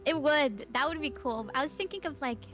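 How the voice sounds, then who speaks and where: A woman's voice: sits high, fairly quick. Laid-back young-sounding woman guest, faint music. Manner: laid-back, short easygoing replies. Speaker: guest streamer. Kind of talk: casual chat on a livestream.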